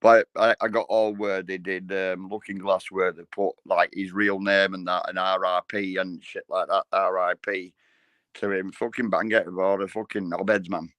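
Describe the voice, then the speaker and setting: A hoarse man chats loosely as a livestream host, his voice sitting low. He talks bluntly and swears freely in laddish banter, and the sound is close and dry. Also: level tone, normal speed, fairly bright tone, no room sound. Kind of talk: casual live chat.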